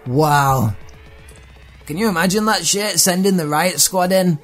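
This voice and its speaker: Irreverent podcast host, high voice. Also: male voice, unhurried, fairly bright tone, faint music behind. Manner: irreverent, profane, riffing. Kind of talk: comedic monologue reading tweets.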